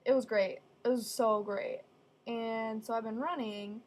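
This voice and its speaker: A young woman telling funny stories casually, with deadpan asides. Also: fairly high pitch, a little slow. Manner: chatty, deadpan asides, acts out quoted voices. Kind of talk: casual storytelling.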